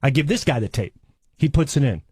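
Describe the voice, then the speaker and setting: A man's voice: medium pitch, lively intonation, a little fast, mellow, slightly rough, no echo. A man in his forties from Long Island telling a self-mocking story on a radio show, rambling and restarting his sentences. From Long Island, New York. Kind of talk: casual radio banter, storytelling.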